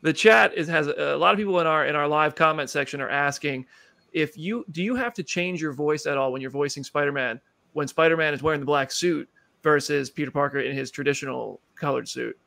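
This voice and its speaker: A man's voice: a little high, brisk, creaky, pushed and bright, no echo. A man hosting a show interview, enthusiastic and rambling, apologizing for his own jokes. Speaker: show host. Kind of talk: casual interview chat.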